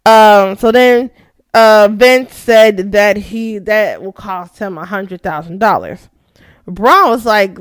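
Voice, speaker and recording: A young woman hosting a casual recap show, excitable, laughing often and swearing freely. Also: medium pitch, a little slow, no room sound. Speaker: podcast host.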